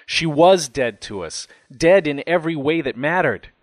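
An anguished middle-aged father, bitter and defensive, as a male narrator voices him. His voice rises higher and louder than the narration and strains as he pleads. The sound is dry and close. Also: lively intonation, moderate pace, no room sound, lightly acted. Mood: pleading.

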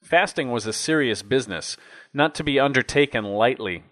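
Male memoir narrator, wry and measured. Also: medium pitch, lively intonation, fairly bright tone. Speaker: audiobook narrator. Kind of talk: first-person memoir narration.

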